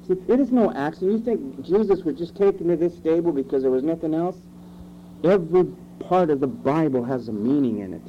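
A man preaching a sermon, emphatic, asking rhetorical questions and shifting his pace. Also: a little high. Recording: dull lo-fi recording with faint hum.

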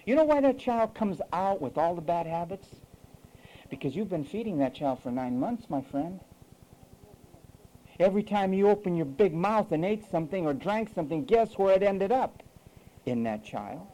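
A man's voice: high voice, lively intonation, moderate pace, dark tone, poor audio. A male preacher delivering an emphatic sermon full of rhetorical questions.

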